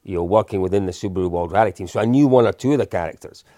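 A man's voice: sits low, racing, dark tone, dry recording, clean studio sound. A man, co-hosting a podcast and telling a chatty, self-deprecating story. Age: 50s. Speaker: podcast co-host. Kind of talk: anecdotal storytelling, casual chat.

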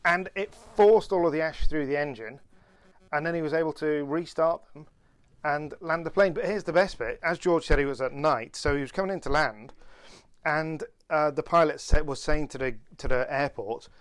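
A man casually telling an animated anecdote on a podcast, with many restarts. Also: fairly high pitch, normal speed, no room sound. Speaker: podcast co-host. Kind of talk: casual storytelling chat.

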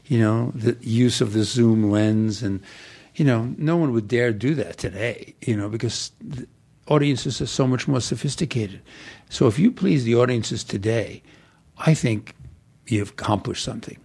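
An older man, an actor, telling rambling, animated stories in an interview. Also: medium pitch, normal speed, slightly rough. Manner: animated, digressive storyteller. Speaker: actor guest. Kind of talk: rambling anecdotal interview talk.

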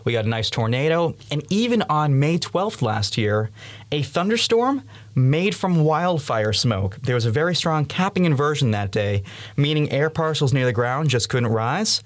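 A man in his twenties from Massachusetts, a student guest on a podcast, telling lively stories and laughing now and then. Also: a little high, normal speed. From Massachusetts, USA. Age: 20s. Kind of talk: storytelling in an interview.

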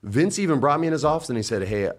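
A man in his forties, a podcast guest telling stories in casual chat, swinging from hushed to loud. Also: fairly high pitch, lively intonation, rapid-fire. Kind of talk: casual storytelling.

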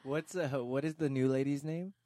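A man's voice: a little high, steady tone, normal speed, warm tone, dry recording, clean studio sound. A man chatting casually and teasingly, prompting an older relative with questions. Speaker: interviewer. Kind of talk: casual chat.

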